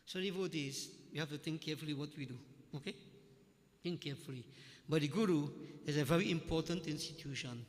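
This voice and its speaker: A man's voice: a little high, fairly quick, in a large hall. A man preaching a sermon, telling folksy stories with jokes. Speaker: religious leader.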